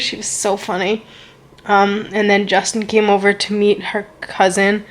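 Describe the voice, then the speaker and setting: A woman's voice: mid-range voice, level tone, normal speed. A young woman telling a casual storytime vlog, gushing and rambling, with lots of "like" and "so good". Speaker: vlogger.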